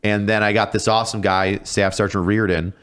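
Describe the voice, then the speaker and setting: Low-voiced man telling profane stories. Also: flat delivery, brisk, fairly bright tone, clean tone. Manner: profane, laughing storyteller, acts out quoted voices. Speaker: podcast guest. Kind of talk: casual storytelling chat.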